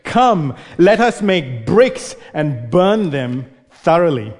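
A man voicing eager ancient men rallying each other to build, with excited, emphatic calls. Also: on the high side, slow pace.

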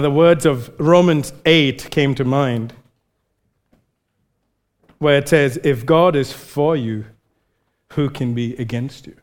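High-voiced male preacher, earnest sermon. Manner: earnest, conversational, with frequent restarts.

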